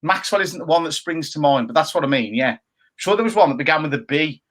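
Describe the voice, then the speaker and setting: A man with a slightly raised pitch, talking casually on a chat show. He teases his co-host in playful banter and rambles through half-remembered details. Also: expressive, fast, a bit bright. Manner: jokey banter, playful mocking impressions. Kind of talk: casual chat with live viewers.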